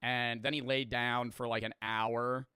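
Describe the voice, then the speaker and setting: A man's voice: mid-range voice, flat delivery, pushed and bright, smooth, dry recording, studio quality. A man hosting a reaction video, rambling casually, swearing and joking about himself. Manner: rambling, profane, self-deprecating, quick to laugh.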